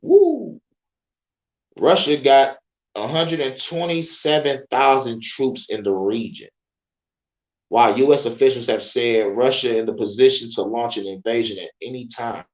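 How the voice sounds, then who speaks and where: A man's voice: medium pitch, expressive, unhurried, roomy sound, dull audio. A young man hosting a podcast, reading news aloud in a casual, profane way, often breaking off to joke and laugh and stumbling over names. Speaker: podcast host.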